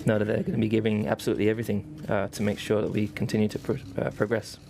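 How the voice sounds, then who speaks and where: A racing driver giving earnest, enthusiastic answers at a press conference, often repeating words. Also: male voice, fairly low pitch, level tone, very fast, gravelly, dark tone, a little hiss or hum.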